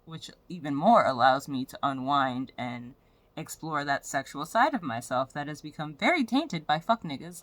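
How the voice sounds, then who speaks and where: A woman's voice: deep voice, dry recording. Frank, profane young woman vlogging. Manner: frank, profane, rambling storytelling. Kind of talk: candid personal vlog rant.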